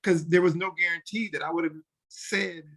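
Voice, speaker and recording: A man's voice: on the high side, fairly even intonation, normal speed, a bit bright. Casual man explaining game rules. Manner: talks in restarts, acts out short character lines. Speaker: podcast co-host explaining tabletop games.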